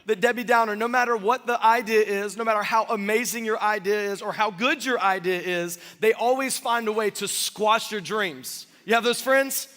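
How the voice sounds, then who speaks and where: A man in his thirties preaching a sermon as pastor, energetic and joking with the congregation in a church sanctuary. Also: sits high, moderate pace, hardly any pauses. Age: 30s. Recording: long church hall reverb.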